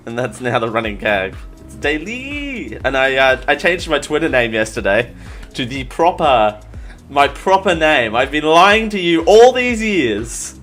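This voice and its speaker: This podcast host is an Australian man whose voice is a little high and fairly bright. In casual live-show chat, he wanders from point to point, mocks himself, and keeps starting over.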